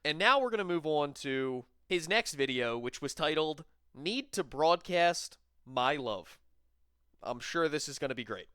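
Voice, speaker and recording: A man hosting a commentary channel, talking over clips in a dry, mocking, deadpan voice. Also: on the high side, unhurried, clean tone, no room sound.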